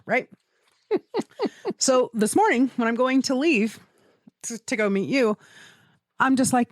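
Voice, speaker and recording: Rambling woman podcast co-host, animated pitch, dry close sound, laughs and swears often. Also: slow pace, pauses often, dry recording. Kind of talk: casual chat.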